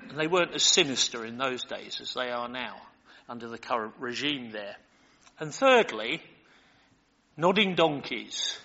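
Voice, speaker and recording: In a big-room sound, an older preacher from Britain speaks in an animated, mid-range voice, slightly slow, pushed and bright. He reads scripture, then chats digressively with plenty of fillers, recorded muffled and lo-fi.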